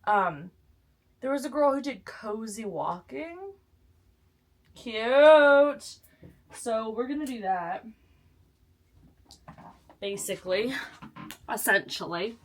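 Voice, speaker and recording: A woman's voice: on the high side, animated, slow, pauses often, slight background noise. Chatty young woman vlogging at home. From Texas. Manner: chatty and self-mocking, with sudden squeals and whispered asides. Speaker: book vlogger. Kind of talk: casual vlog chat.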